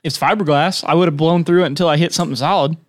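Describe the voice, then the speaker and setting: Young man telling derby stories, slightly high. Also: steady tone, rapid-fire. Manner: matter-of-fact, swears casually. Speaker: guest, demolition derby driver. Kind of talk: casual storytelling chat.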